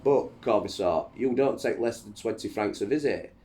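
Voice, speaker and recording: A man's voice: on the low side, normal speed, warm tone, a little hiss or hum, pitched above the performer's own voice, close to an everyday voice. A man reading as a teasing jovial emperor.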